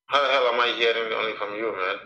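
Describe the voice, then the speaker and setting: A man in his thirties calls in over a dull, echoey line with faint noise behind him. His voice is bright, and he is upset and angry. He blurts things out, then apologizes. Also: fairly low pitch, fast talker. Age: 30s. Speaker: caller.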